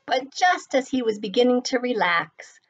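A woman, a school librarian, reading a picture book aloud in a slow, clear storytelling manner. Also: a little high, expressive. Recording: dull lo-fi recording.

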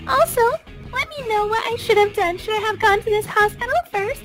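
High-voiced woman hosting a kids' toy video. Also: brisk, over music. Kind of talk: addressing kids watching.

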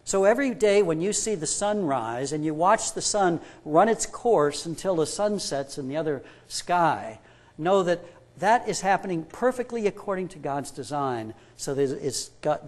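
A man's voice: on the high side, animated, moderate pace. A man preaching a sermon, stressing his points with rhetorical questions and retelling a story by acting out both people in it. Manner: emphatic, builds up with rhetorical questions. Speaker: pastor.

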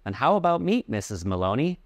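A man's voice: mid-range voice, big pitch swings, brisk, no room sound, clean studio sound. A man voicing a friendly, helpful male shopkeeper.

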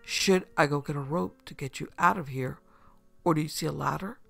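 A man doing a frantic young guy who yells and swears at his hurt friend, his pitch jumping higher than usual. The voice is gravelly with heavy fry, and it comes across loud and urgent. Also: moderate pace, no room sound, faint music behind, exaggerated voice. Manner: frantic, cursing, raised voice. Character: panicked young male friend shouting for help.

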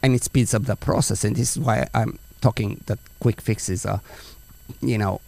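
A man's voice: on the low side, fairly even intonation, normal speed, vocal fry, a little mellow. A man hosting a podcast interview, earnest and explaining his points with everyday analogies. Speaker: podcast host, dog trainer. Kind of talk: conversational interview.

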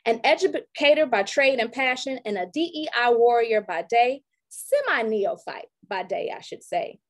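A woman's voice: a little high, lively intonation, moderate pace. A woman in her thirties, an educator from Detroit, giving an online workshop talk and reciting a rhyming, rhythmic poem about herself over a video call. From Detroit, raised in Georgia. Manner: rhythmic, rhyming poetic delivery.

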